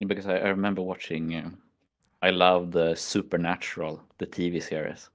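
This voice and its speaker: He's a stream host from Sweden, speaking with a Swedish accent in a relaxed chat where he rambles through stories and plays out how he reacted. The voice is low, the tone level, the pace moderate.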